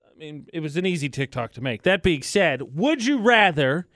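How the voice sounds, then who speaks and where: A man co-hosting morning radio, playful and quick to argue a point. His voice sits a bit high, and the studio mic keeps it close and dry. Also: fairly bright tone, no echo. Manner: playful, argumentative, quick shifts in emphasis. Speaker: radio co-host. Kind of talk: casual morning radio chat.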